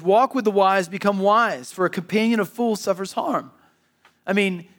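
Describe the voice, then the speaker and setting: Man, pastor, sermon in church, fairly high voice, conversational, emphatic. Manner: conversational, restarts and repeats words, emphatic.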